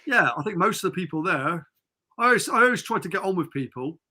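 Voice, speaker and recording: A man's voice: sits high, animated, fast talker, pushed and bright, breathy edge. A middle-aged man from England, a podcast guest telling rambling stories in casual chat over a remote call. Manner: rambling storyteller, chatty and informal.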